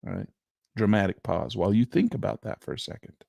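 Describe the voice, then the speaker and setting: A man's voice: fairly low pitch, very animated, quick pace, vocal fry, warm tone, dry recording, studio quality. A man teaching chart trading on a screen share, talking emphatically with rhetorical asides. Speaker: trading instructor.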